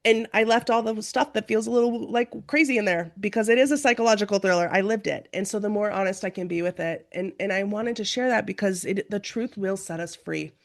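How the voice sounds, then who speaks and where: A woman's voice: mid-range voice, a little fast, few pauses. A woman guest on a podcast and an author, talking earnestly and reflectively in casual conversation.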